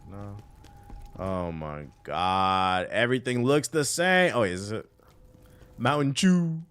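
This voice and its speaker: A man's voice: lowish voice, lively intonation, takes it slowly, a bit bright, clean tone. A man with a Washington, D.C. accent casually chatting on a gaming stream, using loose, profane slang and answering chat while he plays. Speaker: livestreamer.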